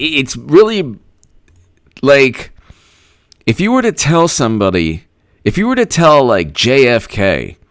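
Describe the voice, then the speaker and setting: A man's voice: mid-range voice, clear, resonant tone, no echo, studio quality. A man hosting a live-stream political commentary, rambling, laughing often and thanking viewers by name. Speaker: host.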